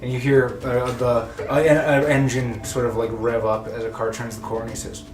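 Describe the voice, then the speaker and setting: A man's voice: medium pitch, level tone, fairly quick, echoey room, faint music behind. A man running a tabletop game as game master, narrating loosely with frequent laughs. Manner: loose, laughing, voices characters in bursts.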